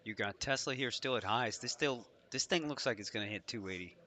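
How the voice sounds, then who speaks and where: A man's voice: medium pitch, brisk, sharp tone. A man hosting a live trading stream, talking through charts in loose, profane, joking banter.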